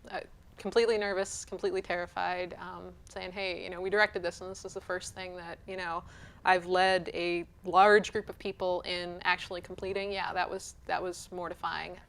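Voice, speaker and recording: A woman director answering interview questions, self-deprecating and halting with fillers. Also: lowish voice, level tone, creaky.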